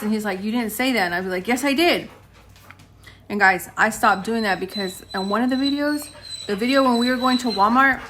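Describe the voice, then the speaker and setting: Her voice is fairly high, bright and forceful. At home, this late-thirties woman vlogs casually to camera, telling her viewers ("guys") stories and acting out the back-and-forth of conversations.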